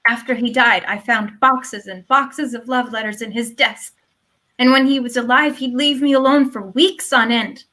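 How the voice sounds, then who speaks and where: A woman's voice: a little high, a bit bright, low-quality recording. A woman playing a proud, dramatic young widow. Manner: dramatic, indignant declaiming. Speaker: actor in a live online reading. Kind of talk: stage play read aloud. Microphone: video call.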